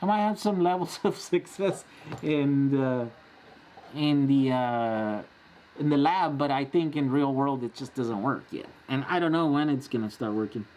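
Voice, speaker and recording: A man's voice: mid-range voice, measured pace, a little mellow, a little hiss or hum. A man in his forties hosting a casual live-stream Q&A, chatty and rambling, often laughing as he answers. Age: 40s.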